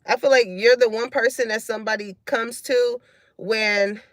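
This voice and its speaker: A woman's voice: on the high side, fairly even intonation, normal speed, no room sound. A woman doing a live card reading and chatting with her viewers. She talks loose, slangy and frank, cusses freely, and laughs often. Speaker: tarot reader.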